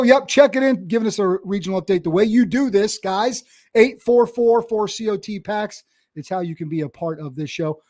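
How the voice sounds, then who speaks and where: A man co-hosting a podcast in casual, bantering chat, reading out listener shout-outs. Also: sits high, dry recording, clean studio sound. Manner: upbeat, bantering, reads listener names. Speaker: podcast co-host.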